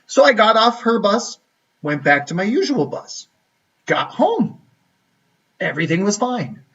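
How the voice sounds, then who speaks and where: A young man from the United States tells a story in a relaxed livestream, animated and acting out the voices of the people in it. His voice sits a bit high. The sound is dull and lo-fi, and the mic is some distance away. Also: measured pace. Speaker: college counselor, channel host.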